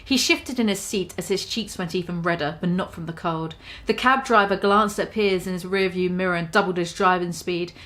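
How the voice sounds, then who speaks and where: A woman's voice: fairly low pitch, normal speed, hardly any pauses, fairly bright tone. A woman casually reading her own comic story aloud, tripping over words and poking fun at herself. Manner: stumbling, self-deprecating, laughs at her own writing.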